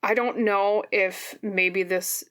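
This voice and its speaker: A woman giving a pick-a-card tarot reading on camera, gentle and reassuring, often checking in with "okay?". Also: mid-range voice, fairly even intonation, slow. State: briefly teary and emotional. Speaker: tarot reader. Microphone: camera mic, seen on camera.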